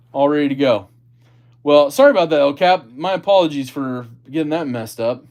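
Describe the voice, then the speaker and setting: A man chatting casually on his own livestream, speaking in a somewhat higher voice. He reads viewer comments aloud and drifts into quick, apologetic asides. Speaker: livestream host.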